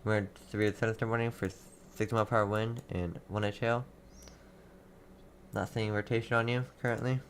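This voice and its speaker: A young man hosting live storm coverage, reading out town after town and answering chat, halting and repeating himself. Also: lowish voice, little pitch movement, a little hiss or hum. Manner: rapid town-by-town updates, halting and repetitive. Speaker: livestream weather host.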